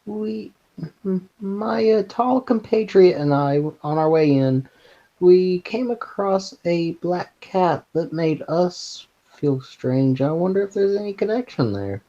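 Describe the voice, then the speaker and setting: A woman playing a tabletop game in character, formal and wry. Her voice is low, gravelly and mellow, and the recording sounds dull and lo-fi. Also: animated, slow pace. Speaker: player.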